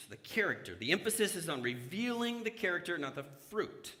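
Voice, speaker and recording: A man's voice: high-pitched, big pitch swings, quick pace, few pauses, pushed and bright. A man preaching a conversational sermon in a church, asking the congregation questions as he goes. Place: church sanctuary. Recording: church hall reverb.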